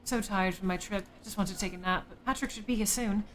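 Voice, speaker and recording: A woman's voice: medium pitch, quick pace, a bit bright, close to an everyday voice. Gal voicing a young guy in a story game, talks to himself all dreamy, light hiss behind. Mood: tired. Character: young man in love, awaiting his partner. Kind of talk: reading a game character's lines.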